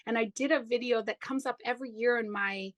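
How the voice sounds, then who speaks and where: A woman's voice: fairly high pitch, steady tone, brisk, a bit bright, no echo, rough recording. A woman guest on a podcast telling a personal story in an enthusiastic, chatty way, often saying "like" and "you know".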